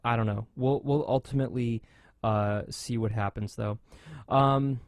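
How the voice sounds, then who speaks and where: A man's voice: medium pitch, moderate pace, dry recording. A man hosting a motorsports talk radio show, chatting casually and animatedly with lots of fillers and restarts. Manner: animated, rambling with frequent fillers.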